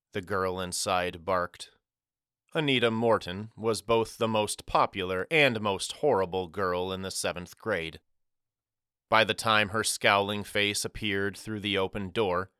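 A man narrating a first-person audiobook story in a wry, measured storytelling manner. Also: lowish voice, bright, forceful tone, clear, resonant tone, no echo, clean studio sound.

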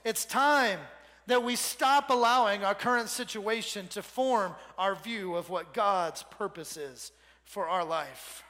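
A man's voice: high-pitched, slow, bright, forceful tone, long reverb tail. A man preaching a sermon to a congregation with energy, leading them in call-and-response. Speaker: pastor.

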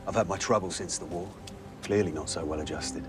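A man's voice: deep voice, fairly even intonation, brisk, natural voice. An actor playing a cocky young male cat burglar and ex-soldier with a London accent, talking his way into a job. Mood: cocky persuasive. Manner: cocky, wheedling, streetwise. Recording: film clip over music score. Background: film score music.

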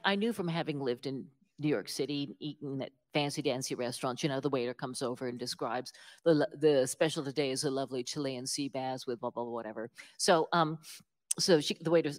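A low-pitched, middle-aged woman with a Southern Appalachian lilt, talking as an interview guest. She tells stories in an animated, self-deprecating way, stopping and restarting her sentences often, and laughs at herself now and then. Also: fast. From West Virginia, United States. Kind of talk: casual storytelling interview.

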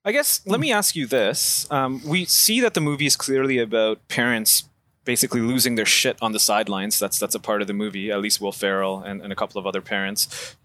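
Podcast host guy, low but really bright tense voice, long rambling questions. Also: fairly quick. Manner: asks long winding questions. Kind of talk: casual chat.

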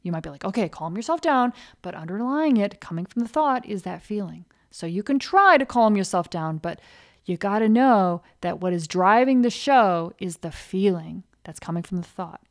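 A woman's voice: medium pitch, lively intonation, normal speed. A woman hosting a podcast, coaching listeners in a casual way and acting out inner thoughts in little quoted voices. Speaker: podcast host and career coach.

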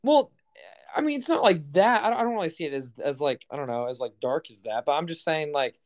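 A man's voice: a little high, expressive, quick pace. A young man co-hosting a podcast in casual chat, rambling with lots of fillers and profanity. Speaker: podcast co-host.

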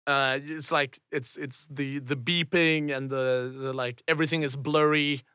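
Casting: a rambling game master, man, bright and crisp voice. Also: medium pitch, steady tone, unhurried, no room sound. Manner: rambling, full of fillers and restarts. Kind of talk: narrating a tabletop game.

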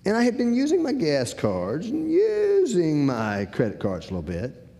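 A man's voice: a little high, normal speed, gravelly. A man telling a personal story to an audience, acting out the dialogue. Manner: animated, acts out the dialogue. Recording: long hall reverb.

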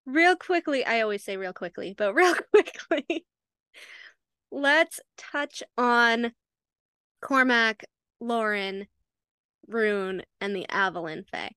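A young woman co-hosting a podcast in casual chat, animated, swearing freely and mimicking lines in quoted voices. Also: fairly high pitch, slow pace, smooth, no echo, studio quality. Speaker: podcast co-host.

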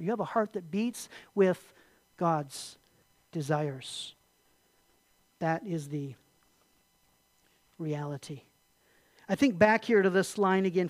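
Pastor preaching, middle pitch, swings from firm emphasis to near-hushed phrase endings, dry sound. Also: no room sound. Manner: emphatic, swings from loud declarations to soft near-whispered endings; repetitive, rhetorical questions. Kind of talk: sermon with closing prayer.

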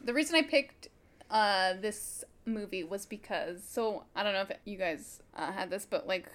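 A woman's voice: mid-range voice, moderate pace, fairly bright tone. A young woman co-hosting a podcast, chatting casually and telling a rambling story with frequent giggles. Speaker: podcast co-host. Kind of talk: casual chat.

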